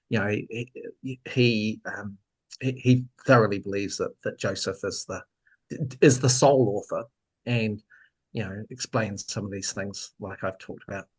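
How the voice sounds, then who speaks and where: New man, mid-pitched, thoughtful guest, talks through ideas with trailing fillers. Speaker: guest author. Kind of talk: casual discussion.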